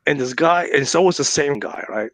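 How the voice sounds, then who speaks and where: A man hosting a podcast, telling a story in an animated, chatty way and often tagging on "right?" and "man.". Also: a little high, brisk, no echo. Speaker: podcast host.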